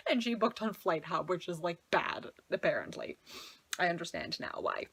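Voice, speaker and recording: A woman's voice: fairly low pitch, sing-song, normal speed, vocal fry, fairly bright tone, breathy edge. A young woman in her twenties, chatty and filling her talk with "like", casually retelling a travel mishap as a vlogger. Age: 20s. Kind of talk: casual storytelling.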